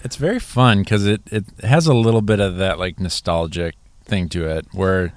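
A man's voice: deep voice, normal speed, no room sound. A man co-hosting a podcast and playing a quiz, easygoing and a little hesitant in casual chat. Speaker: podcast co-host, quiz contestant.

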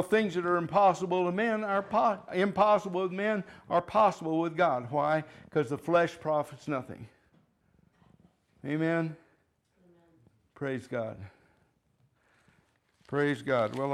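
A man's voice: fairly high pitch, measured pace. Fervent man preaching a sermon. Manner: fervent, rising and falling in loudness, chuckles between points; repeats phrases for emphasis.

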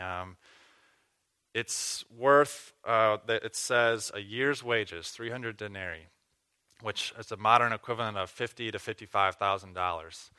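A pastor with a lowish, bright, forward voice preaches a sermon, guiding listeners through a passage. His teaching is earnest, and he poses questions and restarts phrases along the way.

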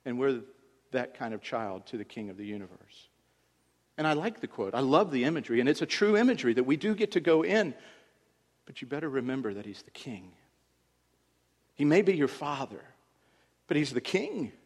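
Pastor guy preaching, goes quiet then loud, mid-pitch voice, big reverb. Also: expressive, fairly quick, long pauses. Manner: dramatic, swings from hushed to loud. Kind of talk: sermon. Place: church.

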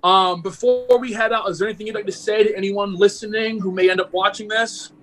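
High bright-voiced man hosting a podcast. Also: brisk, poor audio. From Maryland. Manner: laughs easily, relaxed and chatty. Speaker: podcast host. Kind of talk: casual interview chat. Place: at home.

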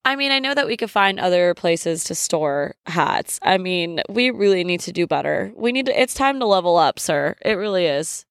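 A woman's voice: fairly low pitch, lively intonation, moderate pace, hardly any pauses, no room sound, studio quality. A young woman hosting a podcast in a candid, casual chat, laughing often and swearing freely. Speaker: podcast host.

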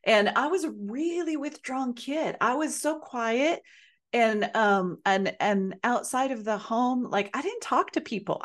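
Woman podcast host, earnest and emphatic monologue, a touch high. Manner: earnest, emphatic, repeats phrases for effect. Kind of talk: personal storytelling monologue.

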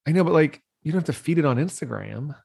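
A woman's voice: deep voice, animated, fast talker, gravelly, darkish tone, husky. A woman co-hosting a podcast, recapping a reality show in a dry, dismissive, casual way with frequent laughs. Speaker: podcast co-host.

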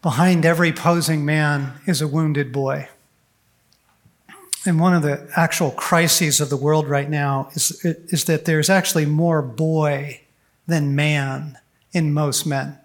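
A middle-aged man giving a heartfelt talk at a men's gathering, earnest and animated, sometimes acting out the voices of people in his stories. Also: a little high, slow pace. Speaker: speaker at a men's conference.

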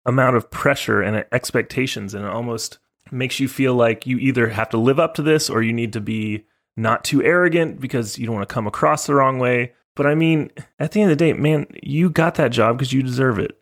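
A man's voice: mid-range voice, a little fast. A man co-hosting a podcast, talking casually in an easygoing, joking way. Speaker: podcast co-host. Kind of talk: casual chat.

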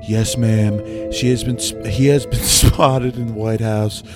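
A man's voice: lowish voice, steady tone, unhurried, over music, natural voice. A man doing a boastful male president. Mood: earnest. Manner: clumsy impression, stumbling over words.

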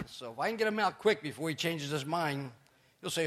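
A man's voice: fairly high pitch, brisk, gravelly. Chatty joking pastor, a man. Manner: chatty, joking asides with laughter, animated storytelling. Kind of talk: sermon.

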